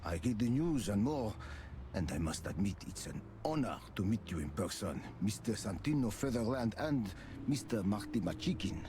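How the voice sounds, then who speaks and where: An actor playing a towering, formally courteous bull bouncer in a game. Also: male voice, lowish voice, big pitch swings, moderate pace, noisy background. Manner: formal, courteous, calls everyone gentlemen or sir. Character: towering polite bull bouncer at a club door. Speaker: game character.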